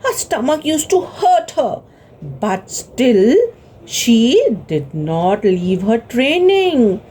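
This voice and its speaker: A woman with an Indian English accent telling a story to children, expressive and gasping, asking the children questions. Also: fairly high pitch, very slow, a little hiss or hum.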